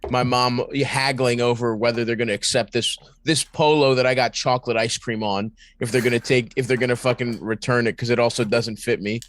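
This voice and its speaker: A man's voice: medium pitch, steady tone, a bit bright, dry recording. A man co-hosting a podcast in casual chat, cracking crude jokes and swearing freely. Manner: profane, quick banter and crude jokes. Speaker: podcast co-host.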